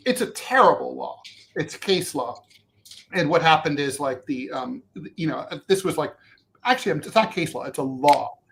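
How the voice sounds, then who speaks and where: A man spins a long story in relaxed conversation, his voice jumping up and down in pitch as he gets worked up. He swears freely and breaks off mid-sentence to add asides and corrections. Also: moderate pace, gravelly. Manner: animated, swearing, restarts and asides. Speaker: co-host. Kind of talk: casual storytelling chat.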